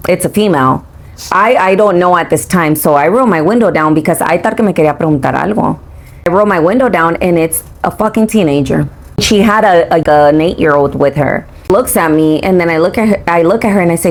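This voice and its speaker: A woman co-hosting a podcast tells stories in a casual chat, profane, animated and mixing as she goes. Her voice is fairly low in pitch and a little fast.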